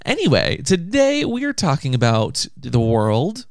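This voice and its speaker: A man's voice: mid-range voice, wildly swooping pitch, unhurried, no room sound, clean studio sound. A man hosting a podcast in casual chat, teasing and playful. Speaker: podcast host.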